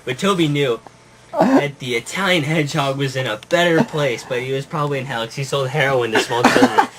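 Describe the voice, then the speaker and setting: A man's voice: medium pitch, animated, brisk. A man narrating a made-up comic puppet story, rambling and breaking into giggles, on a noisy home recording. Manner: giggling, rambling, making it up as he goes.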